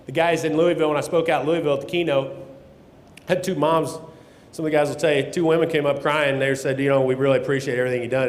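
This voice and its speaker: A man giving a blunt, folksy conference talk, swearing now and then, recorded through a microphone in a conference hall. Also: medium pitch. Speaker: keynote speaker on grain marketing. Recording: echoey hall, long reverb.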